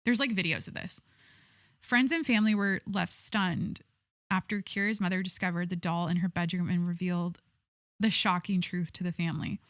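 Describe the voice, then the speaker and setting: A woman's voice: lowish voice, fairly even intonation, moderate pace, no echo, studio quality. A young adult woman hosting a solo podcast, chatting casually and reading a news story aloud in an irreverent, rambling way. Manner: chatty and irreverent, with many likes and restarts. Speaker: podcast host.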